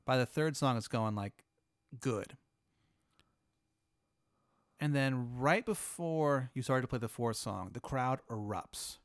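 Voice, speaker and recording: Smooth-voiced man spinning a rambling story. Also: mid-range voice, slow pace, pauses often, no echo, clean studio sound. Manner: laid-back, rambling, lots of "like". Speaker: host. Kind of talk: improvised hypothetical storytelling.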